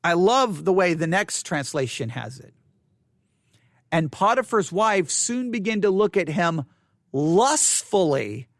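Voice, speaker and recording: Man, Bible study teacher, conversational, emphatic, repeats himself, very animated pitch. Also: takes it slowly, dry recording, studio quality. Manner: emphatic, repeats and restarts phrases.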